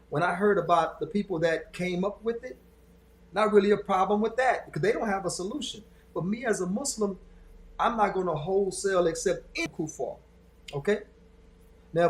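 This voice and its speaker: A high-voiced man hosting a casual talk, joking and animated, tripping over his words as he goes. The room rings with echo around him. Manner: animated, joking, many restarts. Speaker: podcast host. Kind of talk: casual discussion.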